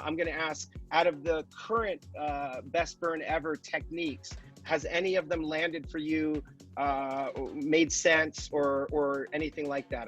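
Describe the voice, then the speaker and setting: A man's voice: on the high side, a bit bright. A man hosting a group video call, talking with enthusiasm and rambling restarts. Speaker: host. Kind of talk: casual chat on a video call.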